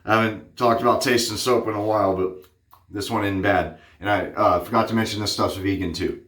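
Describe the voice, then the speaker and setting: A man's voice: lowish voice, steady tone, a little fast, a bit bright, echoey room. A man chatting casually through a shaving vlog, rambling with plenty of fillers and a little out of breath. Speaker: wet shaving vlogger.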